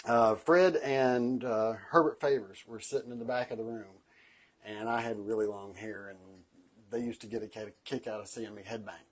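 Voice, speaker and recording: A man's voice: on the low side, fairly even intonation, normal speed. A middle-aged man co-hosting a casual cocktail show, telling stories, laughing often and acting out the voices of the people in them. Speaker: co-host of a cocktail livestream. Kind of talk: casual chat, storytelling.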